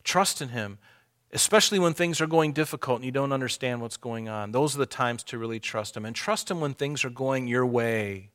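A man's voice: mid-range voice, a bit bright. Earnest preacher man, conversational. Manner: earnest, rises and slows reading scripture aloud; conversational asides to the congregation. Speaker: pastor. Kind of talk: sermon.

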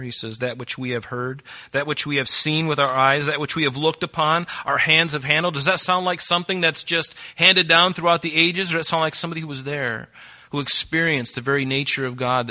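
A man preaching a sermon as pastor, animated and acting out quoted voices. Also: fairly high pitch.

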